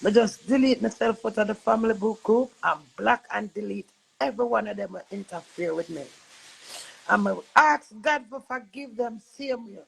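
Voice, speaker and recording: Over poor audio, a livestreamer with a Jamaican accent talks at a moderate pace in a medium-pitched voice that's creaky and slightly rough. She moves between patois and English, preaching earnestly and emotionally while recovering from an illness.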